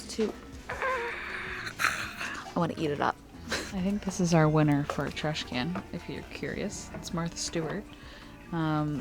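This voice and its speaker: Chatty woman in her twenties, low voice. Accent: Southern American. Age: 20s. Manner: chatty, animated, lots of "like". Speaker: vlogger. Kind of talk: casual vlog storytelling.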